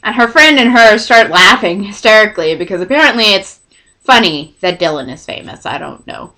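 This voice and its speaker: A young woman from Texas telling a storytime vlog, rambling and excitable, often cutting herself off mid-sentence. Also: medium pitch, fairly quick. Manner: rambling, self-interrupting, excitable. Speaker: vlogger.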